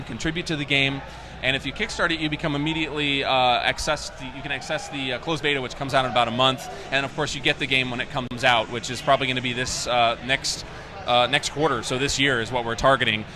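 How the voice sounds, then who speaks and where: Excitable fast-talking man. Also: medium pitch. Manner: enthusiastic, animated storyteller. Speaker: game developer. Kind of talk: casual interview.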